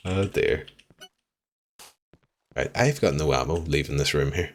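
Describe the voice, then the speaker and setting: A man streaming a game live, chatting with viewers, swearing freely and reacting loudly to what happens on screen. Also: extremely low pitch, unhurried, long pauses. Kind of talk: live gameplay commentary.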